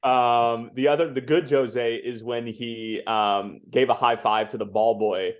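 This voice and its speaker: A man co-hosting a casual soccer podcast, telling a story with hesitant pauses. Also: medium pitch, fairly even intonation. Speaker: podcast co-host. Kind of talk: casual chat.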